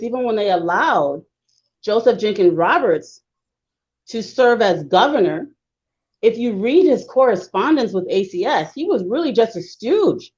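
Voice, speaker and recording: Emphatic woman lecturing on history, lo-fi. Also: a little high. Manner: emphatic, lecturing, fast bursts. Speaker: guest historian. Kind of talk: discussion on a talk show.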